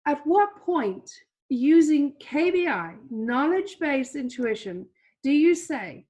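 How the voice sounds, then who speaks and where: A woman's voice: sits high, sing-song, takes it slowly, darkish tone. Chatty woman coaching on trading. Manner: chatty, repeats herself, many fillers. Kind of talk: screen-share trading lesson.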